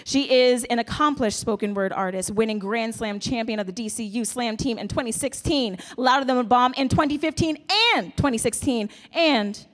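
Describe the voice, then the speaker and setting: A woman's voice: fairly high pitch, long reverb tail. A woman hosting a live open mic, chatty and teasing, on a handheld stage mic. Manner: playful, chatty, teasing the crowd. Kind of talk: casual stage banter and introductions. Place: live indoor stage before an audience.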